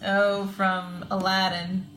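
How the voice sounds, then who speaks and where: A woman's voice: mid-range voice, little pitch movement, fairly bright tone, soft background music. A woman hosting a livestream, chatting casually and laughing while she sketches. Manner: giggly, chatty, drawn-out. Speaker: livestream host and artist.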